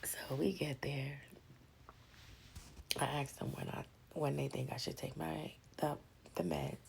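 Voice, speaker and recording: A woman casually telling a personal story, animated and slangy, often dropping into breathy whispers. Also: low voice, a little slow, slight background noise.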